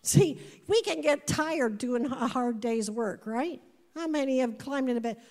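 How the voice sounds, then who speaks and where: A woman in her fifties preaching a sermon to a congregation, animated, repeating words and putting questions to the room. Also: high-pitched, unhurried. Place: church before a congregation. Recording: long hall reverb.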